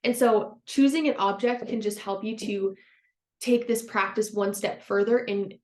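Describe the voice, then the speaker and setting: A woman hosting a self-help podcast, a former counselor talking in a gentle, encouraging way and laughing easily. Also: medium pitch, measured pace. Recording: roomy echo.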